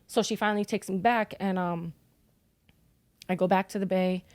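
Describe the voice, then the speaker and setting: A woman's voice: mid-range voice, fairly even intonation, normal speed, a little mellow, dry recording. A young woman telling, as a podcast guest, how she lost her son, talking bluntly and swearing often. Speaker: grieving mother as podcast guest. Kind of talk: emotional personal storytelling.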